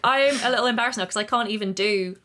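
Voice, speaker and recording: A woman's voice: on the high side, fast, noisy background. A woman with a mild East Midlands accent hosting a casual podcast chat, giggly and rambling, often poking fun at herself. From Derbyshire, England. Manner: giggly, rambling, self-deprecating. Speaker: podcast host.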